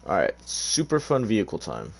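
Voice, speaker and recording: A tired man talks through his game in a loose, rambling way, stopping often to hesitate. His voice sits very low and has a gravelly, fried edge. A faint background hum runs under his talk. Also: huge pitch swings, moderate pace. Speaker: gamer. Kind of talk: casual gameplay commentary.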